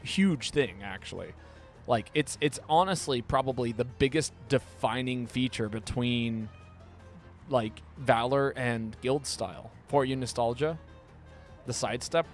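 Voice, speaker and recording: A man live-streaming a game, talking casually and playfully, often stumbling and repeating words when excited. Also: medium pitch, a little slow, faint music behind.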